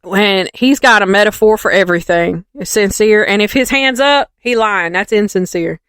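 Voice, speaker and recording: A woman's voice: medium pitch, normal speed, smooth, dry recording. A woman co-hosting a podcast, animatedly retelling a reality show in casual chat and acting out the quotes. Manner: animated gossipy storytelling, acts out quotes. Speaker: podcast co-host.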